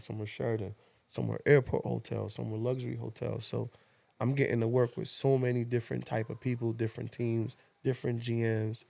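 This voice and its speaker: A man's voice: mid-range voice, gravelly. A man guesting on a podcast, telling stories in casual, profane chat and laughing often. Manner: animated, laughing, profane storyteller.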